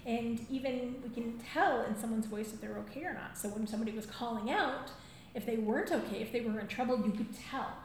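A woman telling stories to a live audience as a drum circle leader, animated and often laughing as she acts out voices. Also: a little high, brisk, slight background noise. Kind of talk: storytelling talk to a live audience. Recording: very echoey room, faint ambience.

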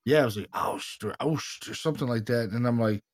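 Slangy excited dude telling a story, mid pitch, dry close sound. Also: male voice, rapid-fire, no echo. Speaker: paranormal investigator, podcast co-host. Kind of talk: casual storytelling chat.

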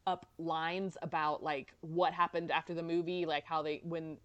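A woman's voice: sits low, little pitch movement, normal speed, muffled recording. A woman co-hosting a podcast in casual chat, with a dry, playful teasing manner. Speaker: podcast co-host.

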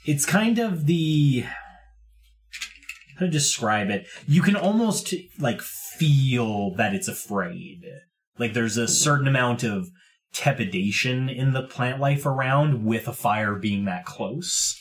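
A man's voice: medium pitch, animated, takes it slowly. A man running a tabletop game as game master, describing scenes in a loose, rambling way with many fillers.

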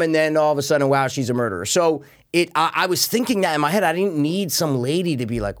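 Animated young man retelling a film plot. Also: fairly high pitch, fast talker, hardly any pauses. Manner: animated, swearing, jumps into retelling scenes. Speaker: podcast co-host reviewing a film. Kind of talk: casual chat.

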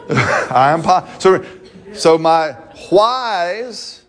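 A man preaching a sermon, playful and animated, often breaking into laughter and call-and-response with the congregation. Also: sits high, drawn-out words.

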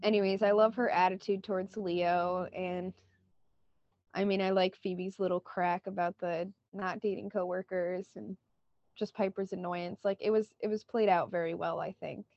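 A woman's voice: on the low side, steady tone, normal speed, dry recording, lo-fi sound. A woman co-hosting a podcast, retelling a TV scene in casual chat and quoting lines with lots of "like". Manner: retells scenes with many "like" quotes. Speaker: podcast co-host.

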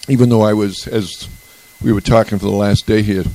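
In a retreat meeting room, a man shares a personal story at a recovery group meeting, rambling conversationally and restarting his sentences. His voice is lowish, darkish and fairly even in intonation, delivered fairly quickly on a low-quality recording.

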